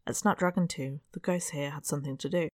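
An audiobook narrator giving an even, measured reading of a period novel. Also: medium pitch, no room sound, clean studio sound. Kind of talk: scripted narration of a Victorian novel.

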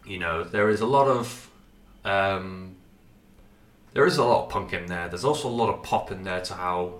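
A man's voice: low-pitched, fairly bright tone, reverberant, distant mic, slight background noise. A man casually reviewing albums, rambling and swearing with lots of fillers, a bit stuffy from a runny nose. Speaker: music reviewer. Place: cold apartment.

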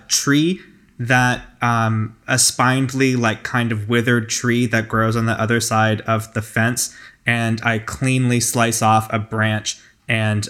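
A tabletop player describing in-game actions, halting and searching for words. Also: medium pitch, a bit bright.

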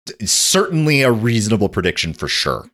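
Very deep-voiced playful man. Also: sing-song, brisk, fairly bright tone. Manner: playful, improvises jokey bits. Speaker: podcast co-host. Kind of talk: casual chat.

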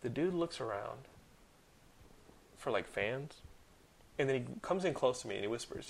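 Animated gravelly-voiced male podcast host. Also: medium pitch, a little slow, long pauses, slight background noise. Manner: animated, swearing, storytelling. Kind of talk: casual chat.

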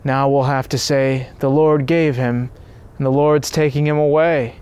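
A man reading the part of a calm, firm priest, measured and solemn. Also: medium pitch, clean tone, natural voice. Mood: stern.

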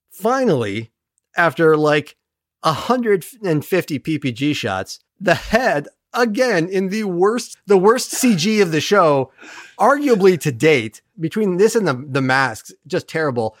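With sarcasm, swearing and rapid character impressions, a podcast host speeds through an episode recap. The delivery is lively with wide pitch swings, recorded close-up with no room sound.

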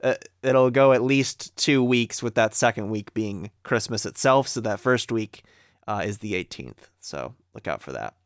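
An easygoing young man co-hosting a podcast, with a smooth, resonant voice. He speaks matter-of-factly and drops dry asides. The close mic sounds completely dry, with no room heard around him. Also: fairly low pitch, lively intonation, moderate pace, no echo. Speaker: podcast co-host. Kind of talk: casual podcast chat.

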